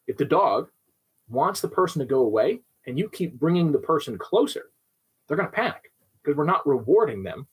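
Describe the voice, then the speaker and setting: Husky man explaining dog training. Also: on the high side, low-quality recording. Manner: explains with everyday examples, often asks "right?". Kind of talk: instructional talk.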